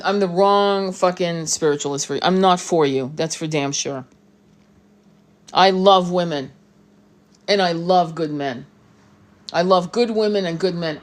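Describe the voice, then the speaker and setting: Blunt, profane woman ranting. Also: on the low side. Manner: blunt, profane and emphatic, with frequent restarts. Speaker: tarot reader and spiritual commentator. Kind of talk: unscripted rant to camera.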